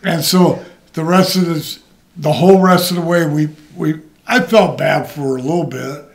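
A man's voice: fairly high pitch, moderate pace, vocal fry. An older man, a retired wrestler, telling rambling and profane anecdotes in an interview. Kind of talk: shoot interview storytelling.

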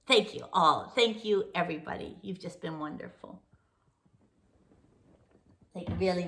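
Bright-voiced chatty woman host. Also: fairly low pitch, creaky. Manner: chatty, rambling, laughs often; animated storytelling. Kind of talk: casual chat to viewers.

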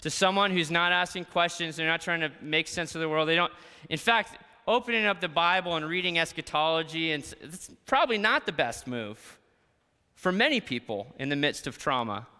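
A man preaching a sermon as a pastor, moving between quiet, tender lines and emphatic ones. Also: fairly high pitch, expressive, fairly quick, smooth, long reverb tail. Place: church sanctuary.

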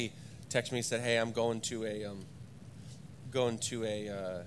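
A young adult pastor giving a sermon in church, moving between loud, emphatic preaching and quiet, halting personal stories. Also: male voice, fairly low pitch, background noise. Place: church sanctuary.

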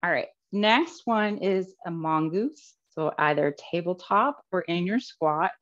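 A woman's voice: lowish voice, lively intonation, unhurried. A woman yoga teacher cueing poses step by step in a live class, a little out of breath and laughing at her own slips. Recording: slightly dull lo-fi audio.

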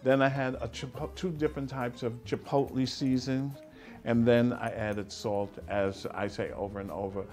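A man's voice: medium pitch, steady tone, moderate pace, darkish tone, soft background music. A middle-aged man hosting a cooking show, talking casually and playfully, humming and chuckling as he cooks. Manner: chatty and playful, hums and chuckles while cooking.

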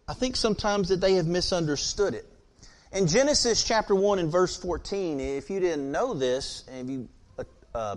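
An American man preaching a sermon to his congregation, stuffy and scratchy-throated from a cold, folksy and chatty, asking the room questions. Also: a little high. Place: church sanctuary.

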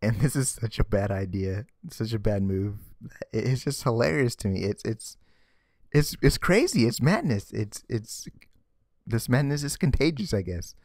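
A man's voice: fairly low pitch, animated, moderate pace, darkish tone, dry recording, clean studio sound. A man ranting sarcastically in a casual vlog commentary, exasperated and often stammering and repeating words. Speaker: vlogger. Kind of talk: ranting comic book commentary.

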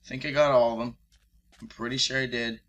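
A young man commentating his Minecraft let's-play, excitable and swearing loudly whenever he is in danger. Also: mid-range voice, brisk, a little hiss or hum. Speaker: gaming YouTuber.

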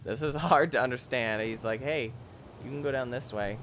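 A young man giving excitable, jokey commentary over a video game, bursting into shrieks and yells. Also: medium pitch, normal speed, slight background noise. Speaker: gameplay commentator. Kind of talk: let's play commentary.

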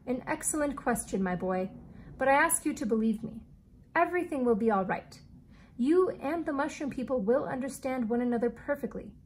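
An eccentric, kindly male inventor speaks in slow, formal, old-fashioned phrases, read aloud by a woman. The voice sits a little high, with a faint hiss of room noise behind it. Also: lively intonation.

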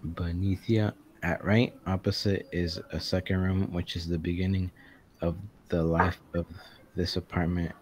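A man student reading a play's stage directions aloud in class, halting and stumbling over words. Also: sits low, level tone, a little hiss or hum, poor audio.

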